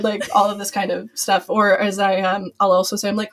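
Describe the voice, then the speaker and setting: A young adult woman, a former cast member appearing as a podcast guest, rambles chattily with lots of fillers in a casual conversation. Her medium-pitched voice is flat, and she talks fast with few pauses.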